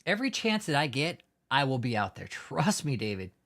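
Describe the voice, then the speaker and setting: This livestream host is a man whose medium-pitched voice is sing-song and fairly bright, moving briskly. He chats loosely, mocks viewer comments with profanity as he reads them, and laughs frequently.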